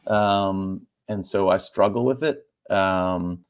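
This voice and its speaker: Low-voiced man, halting and heartfelt. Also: smooth. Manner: halting, repeats words, stumbles through fillers; laughs softly mid-sentence while talking. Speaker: author and guest. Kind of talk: emotional conversational interview.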